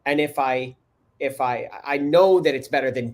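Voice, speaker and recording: A man hosting a parenting talk show, speaking casually and haltingly, repeating words as he goes. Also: medium pitch, a little mellow. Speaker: podcast host.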